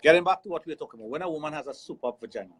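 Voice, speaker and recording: Husky Trinidadian man hosting radio. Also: fairly high pitch, expressive, very fast, low-quality recording. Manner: frank, explanatory, laughs easily. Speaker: radio show host, sexologist. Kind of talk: casual radio talk. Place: radio studio.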